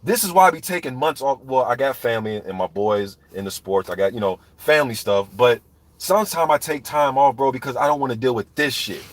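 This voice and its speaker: This is ranting live stream commentary from a boxing commentator who swears and gets heated while speaking directly to the chat. His pitch is medium, his pace fairly quick, and the sound is dry.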